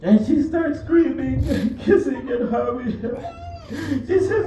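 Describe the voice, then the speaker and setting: A woman's voice: sits high, animated, a little slow, dark tone, dull audio, slight background noise. A woman reciting an emotional religious eulogy with tearful, repetitive storytelling, heard from a distant mic in a mosque hall. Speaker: majlis reciter.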